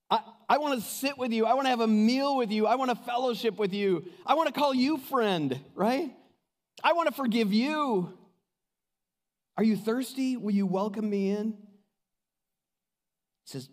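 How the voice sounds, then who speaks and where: High-voiced preacher man in a reverberant hall. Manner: impassioned preaching, swings from loud to hushed. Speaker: pastor. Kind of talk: sermon.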